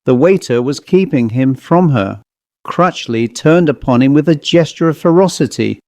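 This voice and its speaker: A man reading a ghost story aloud in a steady, measured way, close to the mic. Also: on the high side, dry recording. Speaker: audiobook narrator. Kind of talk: scripted ghost story narration.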